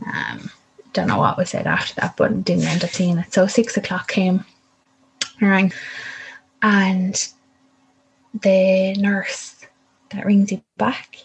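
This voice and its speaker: A woman's voice: medium pitch, animated, a little slow, gravelly, pauses often, husky, rough recording. A young woman telling a personal story in a vivid way, acting out the voices of the people in it.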